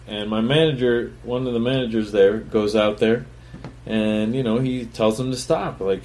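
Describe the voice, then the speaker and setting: Man, chef-host, mid-pitched, swears freely, brags, rambles with restarts. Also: steady tone, normal speed, a little mellow, a little hiss or hum. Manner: profane, blunt and boastful; rambling with many fillers and restarts. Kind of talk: casual solo storytelling.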